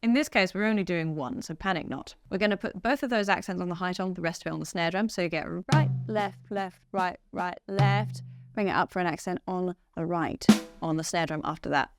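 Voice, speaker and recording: This woman's voice runs on the low side and a little fast as she leads an upbeat drum lesson, counting aloud while playing. The setting is a music studio, and the drum kit is loud.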